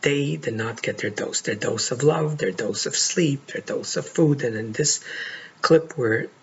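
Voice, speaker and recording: A middle-aged man speaking as a life coach in an earnest, heartfelt monologue, often pausing to stress words. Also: mid-range voice, creaky. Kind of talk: monologue to camera. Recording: dull lo-fi audio with faint noise.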